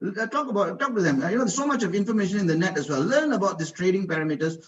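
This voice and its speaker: A man's voice: high-pitched, animated, rapid-fire. A man giving an enthusiastic live online slide presentation, repeating himself and asking the audience rhetorical questions. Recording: dull lo-fi online audio.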